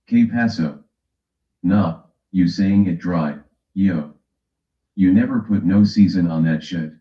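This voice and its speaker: Deep-voiced guy messing with his stream chat, slow drawl, dull muffled sound. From West Coast of the US. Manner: teasing, joking with chat, reads a running timer aloud. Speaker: livestream host. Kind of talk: casual livestream chat. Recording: echoey room, dull lo-fi sound.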